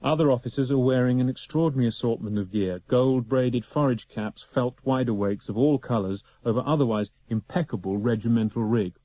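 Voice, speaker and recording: A man narrating and reading stage directions for a radio drama in a plain, measured way. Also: medium pitch, mellow, low-quality recording.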